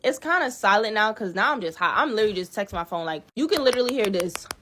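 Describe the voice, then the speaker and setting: Animated young woman telling a date story. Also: medium pitch, fast, background noise. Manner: animated, exasperated, profane. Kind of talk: casual storytime vlog.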